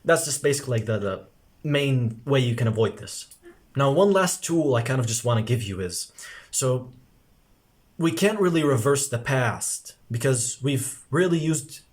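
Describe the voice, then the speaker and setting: A man's voice: medium pitch, lively intonation, normal speed. A young man talking casually to camera as a self-improvement coach, rambling with constant filler words and frequent swearing. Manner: rambling, heavy filler words, swears freely, says "bro".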